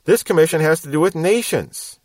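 A man teaching the Bible verse by verse, explaining word meanings in a measured, emphatic way. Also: fairly high pitch, lively intonation, darkish tone, no echo.

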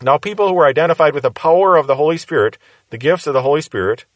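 A man's voice: on the high side, animated, very fast, no echo. Man teaching scripture, dry close sound. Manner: explanatory, repeats key phrases for emphasis. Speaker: pastor teaching the Bible. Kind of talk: verse-by-verse Bible teaching sermon.

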